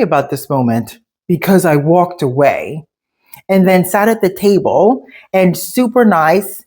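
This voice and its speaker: A woman with a low, grounded voice talks through a personal experience. She tells it candidly and conversationally, pressing emphatically on the moments that matter as she draws out the lesson. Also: lively intonation, unhurried, a little mellow. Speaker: speaker sharing life lessons. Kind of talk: personal storytelling monologue.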